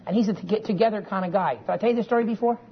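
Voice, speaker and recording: Speaking high and racing along, a man in his forties tells a family story during a Bible class lecture, folksy and digressive, frequently checking in with those listening. The recording is dull and lo-fi, with faint hiss.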